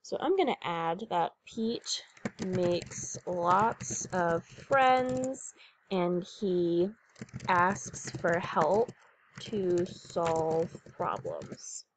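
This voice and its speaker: A woman's voice: fairly low pitch, very slow, a little hiss or hum. A woman teacher reading a picture book aloud to pupils and explaining what the story shows. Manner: warm, clear classroom explaining.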